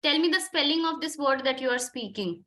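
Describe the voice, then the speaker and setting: A woman's voice: high voice, animated, fairly quick, sharp tone. A woman with an Indian English accent coaching a group discussion session, questioning students insistently and switching between Hindi and English. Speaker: communication skills trainer.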